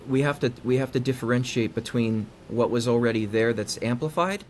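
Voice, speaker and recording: A man, a psychologist being interviewed, explaining in a conversational way and acting out quoted dialogue with lively inflection. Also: medium pitch, brisk, a little hiss or hum. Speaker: guest psychologist.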